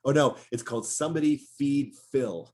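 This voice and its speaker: Speaking in a mid-range voice at a moderate pace, a middle-aged voice actor spins stories during a casual interview. His delivery is lively, and he keeps breaking into character voices.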